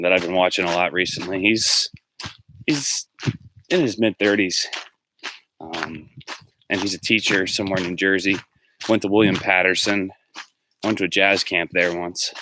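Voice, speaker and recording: Sitting low in pitch, this man's voice is bright and forceful. He's a musician and livestream host on a casual walk through a neighborhood, drifting from subject to subject and replying to viewers by name while dogs bark far off amid faint street sounds.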